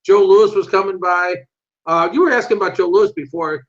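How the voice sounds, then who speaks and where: An older man with a high-pitched voice tells animated stories in a casual interview. He acts out what other people said and swears freely. The recording sounds muffled and lo-fi. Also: a little fast. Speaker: interview guest, martial arts instructor. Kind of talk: casual storytelling.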